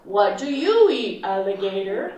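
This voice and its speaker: A woman voicing a boastful male frog with a huge mouth, in a slow, loud, drawn-out deep voice. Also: big pitch swings, slight background noise. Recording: echoey room, from far off, children around.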